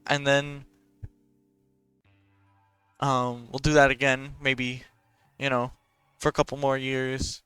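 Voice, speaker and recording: A man's voice: medium pitch, little pitch movement, takes it slowly, pauses often, sharp tone, smooth, no echo, faint music behind. A young man, talking in a casual, rambling and profane way as a podcast host.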